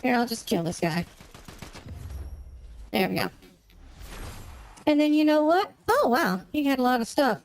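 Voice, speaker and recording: High-voiced woman gamer, rambling chat. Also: sing-song, measured pace, long pauses, low-quality recording. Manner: rambling, searching for words. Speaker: gaming streamer. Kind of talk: casual chat while playing a game.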